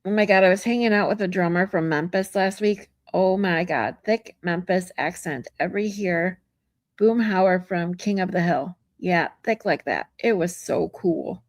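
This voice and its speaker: A woman with a slightly low voice hosts a casual livestream and chats frankly with her viewers, swearing freely as she goes. The sound is dry and close, with no room echo. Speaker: livestream host. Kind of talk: casual chat reading viewer comments.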